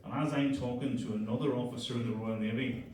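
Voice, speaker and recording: A man's voice: mid-range voice, fairly even intonation, quick pace, darkish tone, far from the mic. A middle-aged man from Northern Ireland with a Northern Irish accent, doing a crude, self-mocking stand-up comedy set. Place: comedy club stage. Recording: echoey club, heard from afar, crowd laughter.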